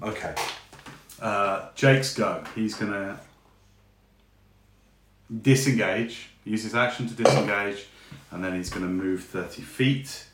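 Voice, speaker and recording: A man narrating as game master for a tabletop game, relaxed and chatty with lots of fillers. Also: fairly low pitch, slow pace, long pauses. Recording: echoey room with faint noise.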